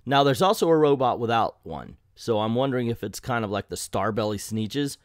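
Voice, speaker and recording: A man's voice: mid-range voice, expressive, a little fast, no echo, clean studio sound. A man hosting a casual comedic comic book review, sarcastic and exasperated.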